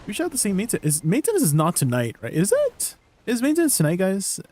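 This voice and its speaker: A man's voice: high-pitched, wildly swooping pitch, fast, darkish tone. A man streaming a game, chatting casually and rambling, often asking his chat questions and laughing easily.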